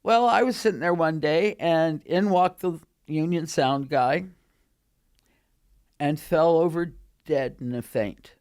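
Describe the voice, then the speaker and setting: An older woman in her eighties recalls her past in casual storytelling. She speaks in a lively, animated way. She is recorded in a studio. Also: low-pitched. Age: 80s. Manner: animated, acts out quoted voices. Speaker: guest recalling her career.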